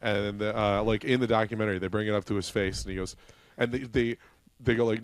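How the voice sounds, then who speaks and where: A man's voice: lowish voice, fairly even intonation, fast, no echo. A man co-hosting a casual comedy podcast, telling a rambling story with laughs and quoted voices. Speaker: podcast co-host. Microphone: podcast mic, laptop camera.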